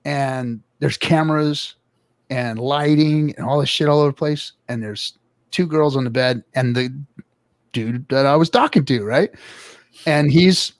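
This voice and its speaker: Gravelly man telling a wild story. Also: medium pitch, measured pace, dry recording, clean studio sound. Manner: animated, loud quoted voices, swears often. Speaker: podcast co-host. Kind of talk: casual storytelling chat.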